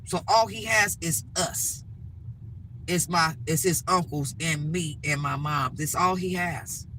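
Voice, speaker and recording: A woman's voice: low voice, takes it slowly, fairly bright tone, a little hiss or hum, poor audio. A middle-aged woman vlogging, ranting bluntly and emphatically with lots of repetition, from inside a vehicle. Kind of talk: ranting to-camera vlog.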